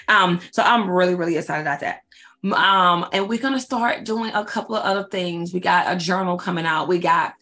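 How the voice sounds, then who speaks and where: Effusive woman in her forties, lowish voice. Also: fairly quick, fairly bright tone. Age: 40s. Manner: upbeat, effusive, repeats herself for emphasis; slangy, addresses audience as y'all. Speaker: faith-based life coach and event host. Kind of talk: casual announcement chat to followers.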